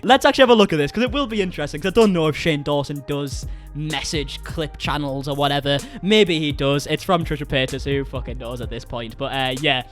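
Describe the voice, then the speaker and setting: A young British man doing casual reaction commentary from his flat, chatty and animated, tagging lines with "okay?" and "eh?". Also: high voice, fast, few pauses, faint music behind. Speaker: commentary YouTuber. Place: small flat.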